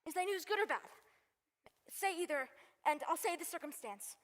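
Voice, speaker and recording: A woman playing a young girl in love, impatient and pleading, in a Shakespeare stage reading. The voice is very high. It carries a long hall-like reverb. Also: expressive, moderate pace. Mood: eager, impatient. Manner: pleading, breathless urgency. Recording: long reverb on live stream.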